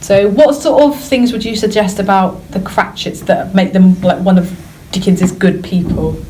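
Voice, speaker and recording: A woman's voice: medium pitch, animated, moderate pace, mellow. A woman, hosting a casual talk about a classic novel and reading passages aloud, laughing often. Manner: laughs often, reads quotes in put-on voices. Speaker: podcast host and teacher. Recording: distant mic with faint noise.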